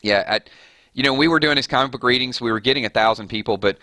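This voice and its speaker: A man hosting a casual gaming live stream, chatting loosely with viewers and giving shout-outs, his voice a little hoarse. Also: mid-range voice, fast talker, dry recording. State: slightly hoarse. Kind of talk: casual live-stream chat over gameplay.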